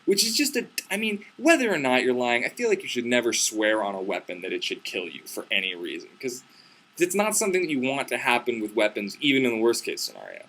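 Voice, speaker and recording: A man's voice: mid-range voice, very animated, quick pace, a bit bright. A young man casually retelling a myth as comedy, sarcastic, crude and rambling.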